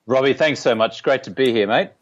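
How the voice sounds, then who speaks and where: A man's voice: mid-range voice, a little fast, lo-fi sound. An Australian man from Australia, a guest on a podcast, telling his story fluently in casual interview talk.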